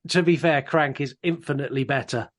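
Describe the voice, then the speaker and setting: A man's voice: a little high, brisk, a bit bright. A man co-hosting a casual podcast, laughing easily and reading out listener messages. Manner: laughing, restarts often, reads out listener messages. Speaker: podcast co-host.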